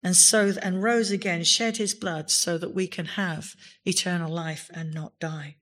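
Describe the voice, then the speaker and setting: A woman's voice: fairly low pitch, fairly even intonation, a little slow, fairly bright tone. Emphatic woman preaching a sermon. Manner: emphatic, rising to exclamations on key words. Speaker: pastor. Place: church.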